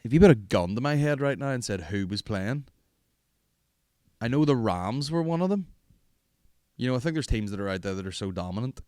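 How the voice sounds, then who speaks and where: A man's voice: medium pitch, lively intonation, brisk, long pauses, darkish tone, dry recording, studio quality. A man, hosting a podcast in rambling, profane, jokey casual chat. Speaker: podcast host.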